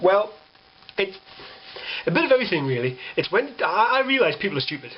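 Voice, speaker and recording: A man's voice: high-pitched, big pitch swings, quick pace, lo-fi sound, slight background noise. A young British man delivering a sarcastic, exasperated rant to camera, swearing freely. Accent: British English. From Britain. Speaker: vlogger. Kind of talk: ranting monologue.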